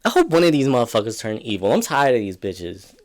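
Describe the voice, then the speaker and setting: A man's voice: mid-range voice, wildly swooping pitch, fast. A man hosting a solo podcast, ranting in a profane, rambling, exasperated way, trailing off and restarting mid-sentence. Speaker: podcast host.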